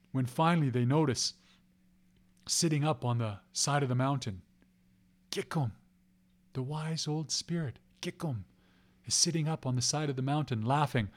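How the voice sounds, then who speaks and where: A storyteller recites a legend aloud in a rhythmic style, repeating phrases and place names. His voice is medium-pitched, his pace moderate, and he leaves long pauses.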